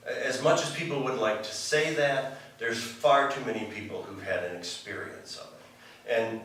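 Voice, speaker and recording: A man's voice: lowish voice, fairly bright tone, very echoey, distant mic, low-quality recording. A man preaching a sermon in a loose, conversational way, full of restarts and asides. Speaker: pastor. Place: church sanctuary.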